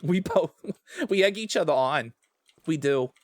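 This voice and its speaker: A male streamer chatting casually with his viewers as he plays. He rambles, trails off mid-sentence and laughs easily. His voice sits fairly high and sounds close and dry. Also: animated, measured pace, dry recording. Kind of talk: casual gaming stream chat.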